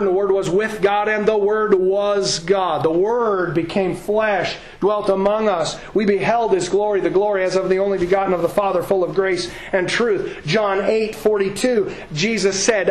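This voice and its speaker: A man preaching a sermon with emphasis, repeating words and acting out the people he quotes. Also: high-pitched. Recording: echoey room with faint ambience.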